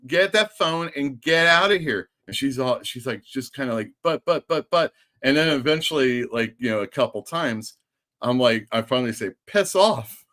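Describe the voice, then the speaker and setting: Man, host, casual stream chat, animated storyteller, medium pitch. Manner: animated storyteller acting out quoted people.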